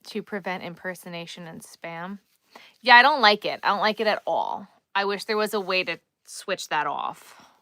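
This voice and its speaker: A woman's voice: on the low side, lively intonation, moderate pace, bright, forceful tone, no room sound. A woman with a Long Island accent hosting a crochet live stream, chatting casually and thinking aloud as she works and reads the chat.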